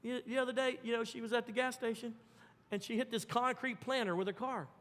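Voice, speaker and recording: A pastor delivers a sermon in a high, bright voice, swinging from animated punch lines to hushed, tender asides. His voice rings out with a long church-hall reverb. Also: a little fast. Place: church sanctuary.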